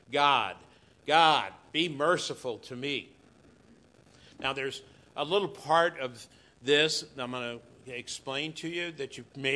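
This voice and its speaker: A man preaching a sermon in a church, slow and emphatic, swinging between loud declarations and hushed asides. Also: medium pitch. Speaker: pastor.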